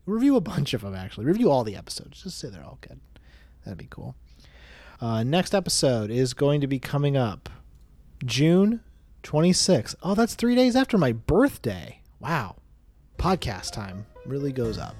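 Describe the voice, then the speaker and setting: A man's voice: medium pitch, big pitch swings, normal speed, darkish tone, faint music behind. A man narrating a tabletop game as dungeon master, laid-back and casually swearing.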